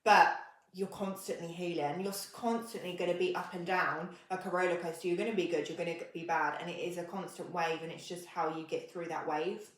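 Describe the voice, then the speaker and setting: Earnest woman, slightly low voice. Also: fairly even intonation, brisk, reverberant, low-quality recording. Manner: earnest and open, many hesitant ums. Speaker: podcast co-host. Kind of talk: candid conversational podcast chat.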